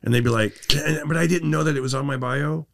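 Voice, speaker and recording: A man in casual chat as a comedian guest, an animated storyteller who acts out the voices of the people he quotes. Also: fairly high pitch, fast talker, vocal fry, no echo, clean studio sound.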